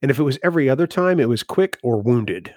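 A man's voice: mid-range voice, lively intonation, fast, a little mellow, no echo. A man, telling family stories in a casual chat with dry humor. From New Hampshire. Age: 50s.

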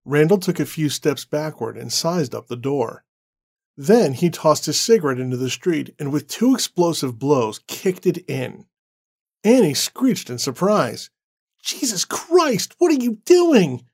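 A man narrating a horror story in a measured, dramatic way. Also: on the high side, expressive, darkish tone.

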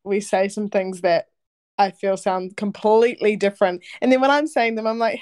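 A young woman with a New Zealand accent talks as a guest on a podcast. She sounds friendly and relaxed, and she laughs easily as she explains things. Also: mid-range voice, moderate pace. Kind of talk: casual chat.

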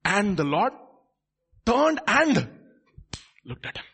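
A male preacher delivers a lively sermon. His voice is bright and a little husky, with a wide, expressive pitch range. He moves between forceful emphasis and hushed, quiet asides. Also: slow.

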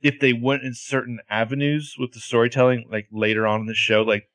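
A man's voice: mid-range voice, level tone, a little fast, a bit bright, no echo. A man co-hosting a casual podcast, talking through a TV episode with lots of "like". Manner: chatty, lots of "like" and restarts. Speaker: podcast co-host recapping a TV episode. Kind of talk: casual chat.

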